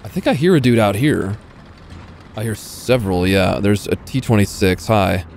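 A man's voice: lowish voice, expressive, normal speed, vocal fry, darkish tone. A young man giving casual, self-mocking live commentary while playing a tank game, swearing and talking to himself. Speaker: gaming YouTuber. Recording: faint game noise behind. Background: game gunfire and vehicle sounds.

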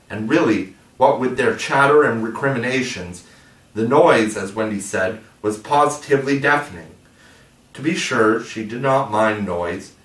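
A man narrating a classic storybook in a measured, expressive reading. The recording is roomy. He sits away from the mic. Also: medium pitch, recorded from a distance. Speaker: audiobook narrator.

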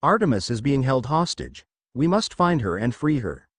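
A man's voice: mid-range voice, very animated, normal speed, husky, no room sound, clean studio sound. A man reading as a stern, formal huntress girl. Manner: formal, old-fashioned wording.

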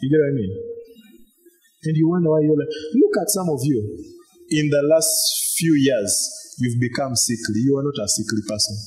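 A pastor preaching a sermon in a loose, conversational way, repeating phrases and using fillers. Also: male voice, medium pitch, normal speed, warm tone, soft background music, low-quality recording.

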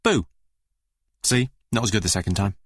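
A man presenting a comedy radio show in a dry, deadpan scripted delivery from a studio microphone. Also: fairly high pitch, a little fast, no echo.

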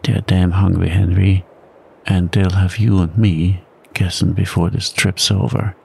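A stubborn frontier sled driver grumbles in a dry backwoods drawl, put on by a storyteller. The voice is very deep and slow, with a gravelly edge. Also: male voice, flat delivery, a little mellow, exaggerated voice. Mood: grumbling. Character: grim stubborn male frontier dog-sledder.

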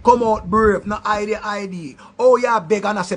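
A man with a Jamaican accent ranting loudly in a commentary, throwing insults in patois. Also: high voice, a little fast, hardly any pauses, breathy edge. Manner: loud, insulting rant in patois. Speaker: online commentator.

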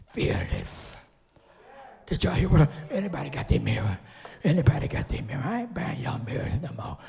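A man's voice: a little high, creaky, mellow. A man preaching as a bishop, exhorting the congregation with call-and-response, a little out of breath. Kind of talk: lively sermon. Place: church sanctuary. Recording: long church reverb.

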